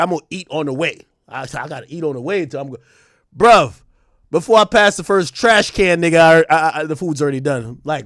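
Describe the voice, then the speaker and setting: A young man, live-streaming a casual, profane, animated rant to his chat and breaking into loud outbursts. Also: high voice, no room sound, studio quality.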